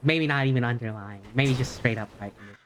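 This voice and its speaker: A speaker chatting in character as a lawyer in an improvised roleplay, with dry, deadpan teasing. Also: medium pitch, fast, a little hiss or hum.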